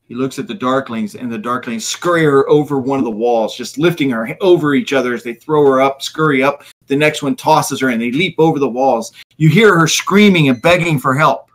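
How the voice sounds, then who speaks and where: A man's voice: medium pitch, fairly quick, hardly any pauses. A man narrating as game master, vividly describing scenes with occasional fillers.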